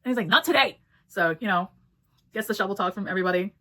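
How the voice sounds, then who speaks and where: Fast-talking, blunt woman reviewing a book. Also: medium pitch, fairly bright tone. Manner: blunt, swears freely, acts out characters' lines. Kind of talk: casual book review talk.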